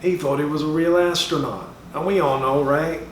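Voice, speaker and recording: A man's voice: a little high, steady tone, normal speed, natural voice. A man plays a brash middle-aged comedian who lectures a room of schoolkids. He drawls, swears and taunts in a mock-serious way. The voice comes from a distant mic in an echoing room with faint background noise. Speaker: speaker at a school assembly. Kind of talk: comedic impression monologue. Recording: roomy sound from a distant mic.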